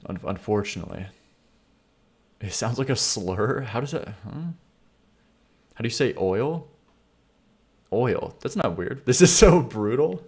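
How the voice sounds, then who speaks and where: A man's voice: mid-range voice, lively intonation, unhurried, long pauses, husky. A young man streaming live, reviewing songs in casual chat, blunt and joking as he reads and argues with his chat. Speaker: streamer reviewing viewer song submissions.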